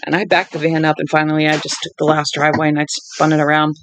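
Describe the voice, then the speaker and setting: A woman's voice: low voice, completely flat delivery, quick pace, slight background noise, rough recording. A tired woman in her forties, a book-reading stream host, rambling through a casual story at home. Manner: chatty storyteller who drifts off topic. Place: at home with dogs.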